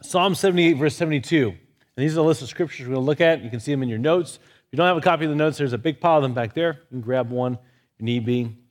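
A man's voice: fairly high pitch, quick pace. A man leading a church Bible study in a conversational teaching style, mixing lighthearted personal stories with Scripture. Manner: anecdotal, lightly humorous.

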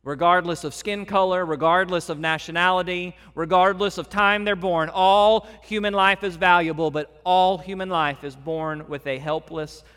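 A man preaching a sermon as a pastor to his church, swinging between loud emphatic passages and soft hushed ones. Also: high voice, steady tone, normal speed, few pauses, clear, resonant tone, in a large hall.

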